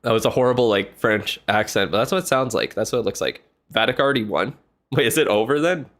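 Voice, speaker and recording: A fast-talking man with a fairly low voice streams and commentates a match, giving casual live play-by-play. He reacts excitably, chats freely and swears once in a while.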